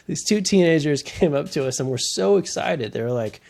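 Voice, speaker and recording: A man's voice: on the high side, huge pitch swings, slow pace, gravelly, long pauses, a bit bright. A man in a casual podcast chat, telling rambling golf stories and laughing often mid-sentence.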